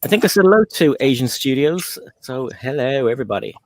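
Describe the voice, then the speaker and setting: A man's voice: medium pitch, expressive, quick pace, a little hiss or hum. A man on a livestream reading out and greeting the new viewers in chat. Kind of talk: casual chat.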